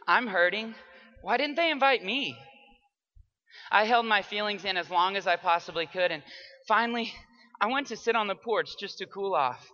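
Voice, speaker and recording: High, bright young man giving a dramatic speech. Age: young adult. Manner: dramatic, swings between hushed and loud. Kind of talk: memorized persuasive speech. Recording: dull lo-fi recording.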